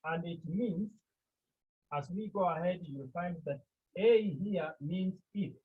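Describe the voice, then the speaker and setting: A man with a Cameroonian accent teaching a Greek class, speaking slowly and deliberately, often checking with his students. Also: sits high, slightly rough. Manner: slow, deliberate, repeats key points and checks with "Okay?". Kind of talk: classroom lecture. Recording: tinny phone-like line.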